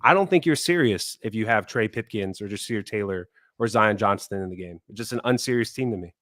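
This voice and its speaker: A man's voice: on the low side, fairly quick, a bit bright, dry recording, clean studio sound. A man co-hosting a sports fan podcast, venting his frustration heatedly in casual chat. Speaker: podcast co-host.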